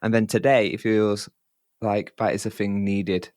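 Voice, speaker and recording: A man hosting a podcast, talking in a relaxed, casual way and often repeating his phrases. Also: fairly low pitch, a little slow, no room sound, studio quality. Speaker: podcast host.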